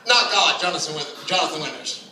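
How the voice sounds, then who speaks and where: At an open mic in a small comedy club, a brash, crude, animated comedian stands some distance from the mic, his bright, high voice echoing around the room. He talks fast and loose, now and then shouting in put-on voices, over slight background noise.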